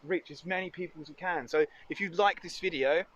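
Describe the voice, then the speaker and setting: A man's voice: on the high side, a little fast, fairly bright tone, muffled recording. A man chatting casually and cheerfully while cooking outdoors for a foraging vlog. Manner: chatty, upbeat, muses aloud. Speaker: foraging vlogger. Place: outdoors in nature.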